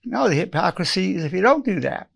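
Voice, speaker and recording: A man's voice: sits high, big pitch swings, quick pace, creaky, a bit bright. A man in his eighties, a psychologist giving an earnest spoken self-help lesson, repeating lines for emphasis and acting out quoted phrases. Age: 80s.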